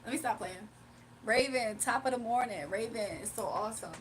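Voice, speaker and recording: A young woman with a fairly high voice chats playfully on a livestream, laughing and talking straight to her viewers. She sits a little back from the mic, with faint room noise behind her. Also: brisk, far from the mic. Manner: playful, laughing, talks to chat. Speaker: livestream host. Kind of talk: casual livestream chat.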